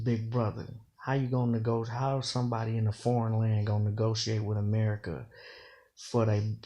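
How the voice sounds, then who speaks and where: A man with a low, mellow voice talks through rap lines in a casual breakdown, unpacking slang and double meanings. He repeats the lines and fills in with "you know" as he explains. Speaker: battle rap commentator. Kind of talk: casual bar breakdown commentary.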